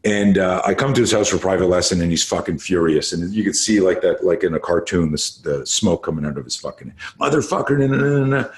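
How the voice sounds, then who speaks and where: A man in his late fifties with a fairly low voice talks as a podcast guest. He tells stories in a casual, animated way, leaning hard on key words and swearing freely as he explains martial arts training. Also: brisk, few pauses. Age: late 50s. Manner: animated, emphatic storyteller who swears freely. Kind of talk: casual storytelling interview.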